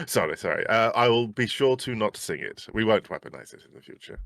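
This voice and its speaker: A man's voice: on the low side, animated, moderate pace, creaky, a bit bright, no echo, clean studio sound. A man playing in a tabletop game, chatting casually with playful asides. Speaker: player.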